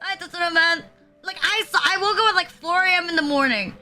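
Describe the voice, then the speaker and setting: A young woman chats on a home live stream, crude and rambling, her words piled with fillers and frequent laughs. Her voice sits high and sounds bright. Faint music plays underneath. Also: a little fast. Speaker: VTuber streamer. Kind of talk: casual live-stream chat.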